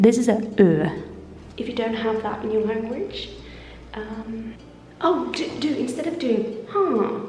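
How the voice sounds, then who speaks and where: A woman vlogger teaching French pronunciation, talking haltingly with many restarts and switching between French and English. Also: medium pitch, dark tone. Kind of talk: casual tutorial vlog. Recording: echoey room, voice heard from a distance, faint room noise.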